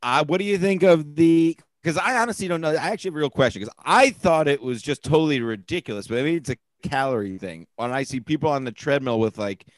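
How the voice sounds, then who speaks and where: A man, a guest on a podcast, telling rambling excitable stories in casual banter. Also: on the high side, fast, few pauses, no echo.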